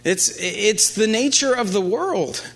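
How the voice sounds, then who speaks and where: A man preaching a conversational sermon, often restarting phrases and dropping into a quiet, low voice for quoted lines. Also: lively intonation, slow, husky.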